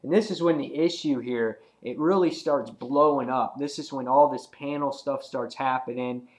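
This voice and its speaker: A man's voice: medium pitch, normal speed. A man casually recapping a comic book issue, rambling and filling gaps with um and uh. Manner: rambling, filler-heavy retelling with acted quotes.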